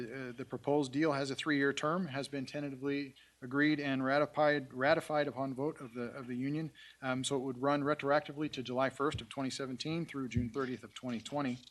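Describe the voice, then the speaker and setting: A man from city staff briefing a council at a public meeting, halting, with many fillers and restarts. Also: mid-range voice, fairly bright tone. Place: council chamber.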